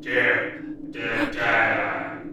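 A man voicing a spooky demon possessing the house electronics, intoning slow, half-sung threats. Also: mid-range voice, flat delivery, noisy background. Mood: menacing. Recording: echoey, distant, long reverb.

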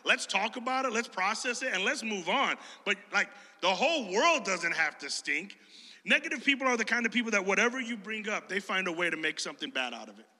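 Bright-voiced joking preacher in a hall. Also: male voice, high-pitched, a little fast. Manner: animated, conversational, jokey storyteller. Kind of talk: sermon.

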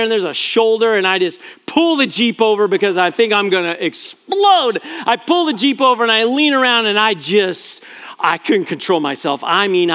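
High-voiced pastor telling a family story. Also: male voice, sharp tone, clean tone. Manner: chatty and self-deprecating, many fillers and restarts. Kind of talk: storytelling sermon.

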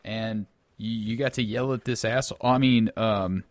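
A man's voice: lowish voice, steady tone, normal speed, dry recording. Eager stammering male podcast host. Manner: eager, stammering, repeats words. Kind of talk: improvised comedy podcast interview.

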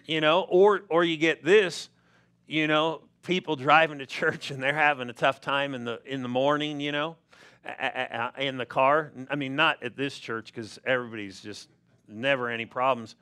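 A man preaching a sermon as pastor, slow and emphatic, with stressed words rising. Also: medium pitch, fairly even intonation, sharp tone, clean tone. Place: church sanctuary.

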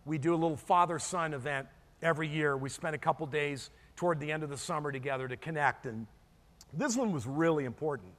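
A man's voice: a little high, brisk, fairly bright tone, in a large hall. A middle-aged man preaching a sermon as pastor, earnest and storytelling, often restarting and repeating words.

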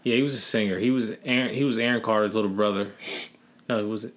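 A man's voice: fairly low pitch, fairly even intonation, fast. A man co-hosting a casual podcast chat, laid-back, answering in short, profane replies.

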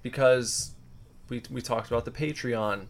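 A man's voice: medium pitch, fairly even intonation, unhurried, creaky. A man co-hosting a podcast, chatting loosely and rambling with fillers. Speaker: podcast co-host. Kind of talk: casual podcast chat.

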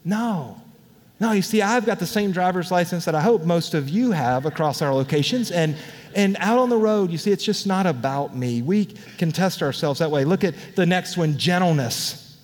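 A man preaching a sermon as pastor, in a candid, conversational way with lively asides. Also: high voice, normal speed. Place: church auditorium. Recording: long reverb of a large hall.

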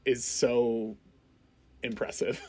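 A man's voice: mid-range voice, level tone, slow pace, a little mellow. A man co-hosting a film podcast, talking enthusiastically and casually with many filler words. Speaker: podcast co-host.

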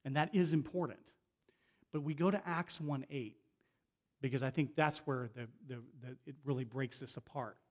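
A middle-aged guest speaker preaches a sermon conversationally, often restarting phrases and slowing down to stress a point. His voice sits at medium pitch.

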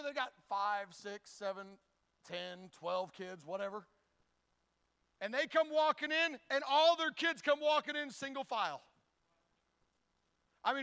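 A man's voice: very high-pitched, sharp tone. A man preaching a folksy, humorous sermon who acts out little scenes and often stumbles and repeats words. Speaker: pastor.

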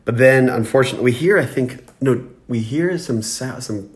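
A man's voice: medium pitch, moderate pace, reverberant. A man co-hosting a podcast, chatting casually through a movie recap and acting out the characters' lines. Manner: animated, acts out characters' lines. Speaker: podcast co-host.

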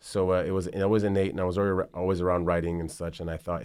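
A man's voice: low-pitched, rapid-fire, few pauses, clear, resonant tone, dry recording, studio quality. A man in his thirties, a basketball agent, talking casually in an interview and rambling through his story with plenty of swearing. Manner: rambling, profane, animated storytelling.

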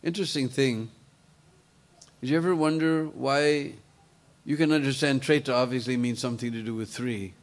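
Animated man telling a sacred tale. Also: mid-range voice, moderate pace. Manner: animated, chatty asides to listeners, chuckling. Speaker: storyteller. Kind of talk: devotional storytelling talk.

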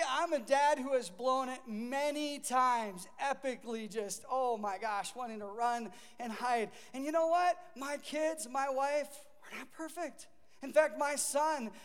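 Middle-aged man, pastor, conversational sermon, very high voice, long hall reverb. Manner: conversational preaching, acts out quoted voices. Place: church sanctuary.

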